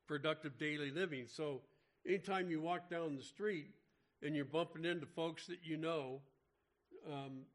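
A man's voice: fairly high pitch, fairly bright tone. A man giving an informal Bible study sermon, talking conversationally with frequent restarts. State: mentions having an irregular heartbeat. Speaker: Bible teacher.

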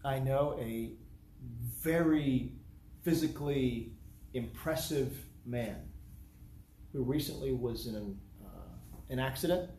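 A man's voice: mid-range voice, takes it slowly, darkish tone. A man from the United States preaching a sermon in earnest, repeating his points in rhetorical lists. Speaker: pastor. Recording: echoey room, faint background noise.

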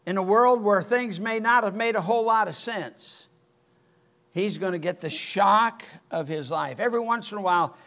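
Older pastor, animated storyteller, bright high-pitched voice. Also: male voice, moderate pace. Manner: animated, rises to near-shouting when excited. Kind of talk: sermon with storytelling.

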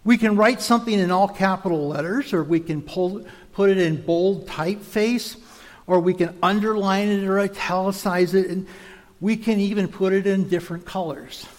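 A man with a high voice gives a measured teaching sermon, explaining step by step and sometimes restarting a word. His voice rings with a long reverb, as if in a large hall. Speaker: preacher.

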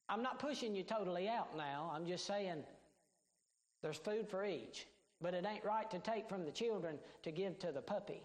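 A man's voice: sits high, animated, moderate pace. Male pastor, plain-spoken sermon, emphatic, roomy echo. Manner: emphatic, swinging between shouts and hushed tones.

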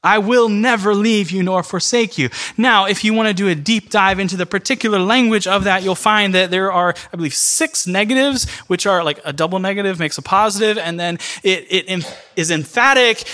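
Guy preaching, bright forceful voice, a bit high, leans hard on key words. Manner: earnest, emphatic preaching with quick bursts and pauses. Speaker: pastor. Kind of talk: sermon. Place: church in New York City.

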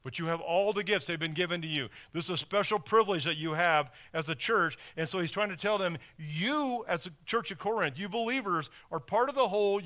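High, bright-voiced male preacher. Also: brisk, hardly any pauses. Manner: conversational, with rhetorical questions and sports analogies. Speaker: pastor. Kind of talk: sermon.

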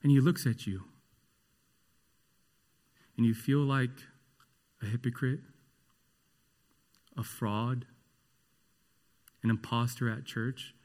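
A man delivers a sermon at an unhurried, deliberate pace. His voice sits at an ordinary middle pitch, and his manner is earnest and emphatic, leaning on each phrase. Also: fairly even intonation, a little mellow. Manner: slow, earnest, emphatic preaching. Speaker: preacher.

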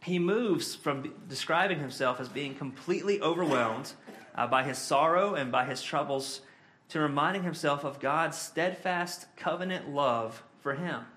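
A man preaching with an earnest, conversational delivery, his voice sitting a little higher than most. He reads scripture slowly and then explains it in plain words, with frequent small fillers. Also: bright, forceful tone. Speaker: pastor. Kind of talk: sermon.

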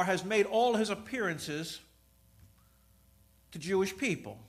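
Male pastor, middle-aged, high voice, storytelling sermon with loud peaks and quiet asides. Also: animated, takes it slowly. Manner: storytelling, swings from loud preaching to soft asides.

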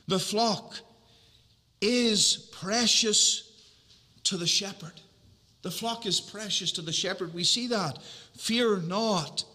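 A man preaching a sermon earnestly, repeating key phrases for emphasis and slowing down on them. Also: sits high, bright, forceful tone, in a large hall.

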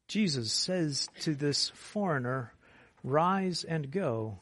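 A man preaching a sermon, moving from quiet, measured explanation to loud, impassioned appeals. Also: a little high, animated, dry recording. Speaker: pastor.

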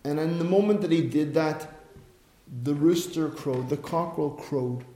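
A high-pitched man preaches a sermon in a roomy, echoing space. His delivery is animated storytelling that swings between soft asides and sudden loud emphasis. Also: normal speed, a little hiss or hum. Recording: echoey room.

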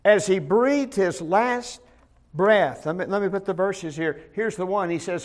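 This pastor's Bible study sermon is emphatic and delivered at a moderate pace, his voice sitting high. He shifts between loud declarations and soft asides, frequently repeating words as he launches a phrase.

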